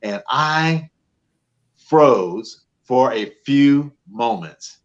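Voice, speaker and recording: Man telling an animated story. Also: mid-range voice, extremely slow, gravelly, muffled recording. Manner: animated storyteller, acts out both sides of phone calls. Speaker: professional Santa Claus, guest. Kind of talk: casual interview chat.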